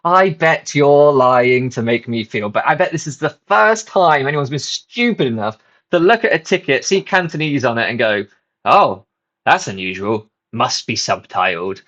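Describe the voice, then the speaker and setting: A man's voice: a little high, sing-song, normal speed, a bit bright. A man and channel host casually telling a rambling, self-mocking story, swearing freely.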